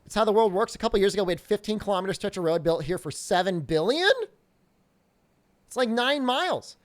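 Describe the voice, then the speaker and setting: Animated joking male game streamer. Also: high voice, brisk. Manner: joking, rambling, reads chat questions aloud. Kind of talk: casual live-stream chat.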